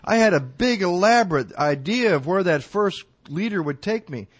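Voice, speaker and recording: A man's voice: high voice, lively intonation, moderate pace. A middle-aged man giving a recovery talk to an audience, telling stories in a colloquial, self-mocking way. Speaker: recovery speaker.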